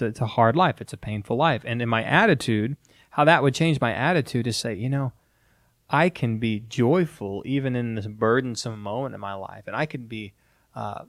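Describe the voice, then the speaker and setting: Brief: male pastor, earnest and conversational, dry close recording, mid-pitched. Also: no echo. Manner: earnest, conversational, animated quoting. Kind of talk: casual teaching discussion.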